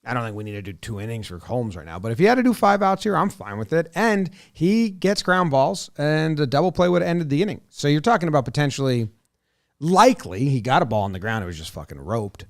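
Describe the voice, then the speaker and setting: A man's voice: on the high side, big pitch swings, fast talker, no echo, clean studio sound. A man co-hosting a casual sports podcast, talking loosely and swearing now and then. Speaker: podcast co-host.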